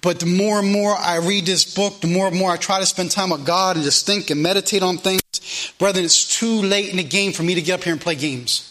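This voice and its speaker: A man's voice: sits high, a little fast, pushed and bright. A man pastor, preaching a sermon in a church in an earnest, conversational way full of asides and repeated phrases. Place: church sanctuary.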